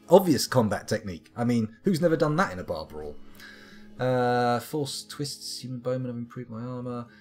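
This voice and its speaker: A man's voice: medium pitch, animated, normal speed, a little mellow. A man reading combat logs aloud with wry, profane asides as he streams a game live. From United Kingdom. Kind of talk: live-streamed gameplay commentary. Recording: faint guitar music behind.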